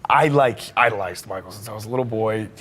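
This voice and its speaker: A man's voice: lowish voice, fast, a bit bright, breathy edge. Man telling an eager anecdote. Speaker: actor. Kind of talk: interview anecdote.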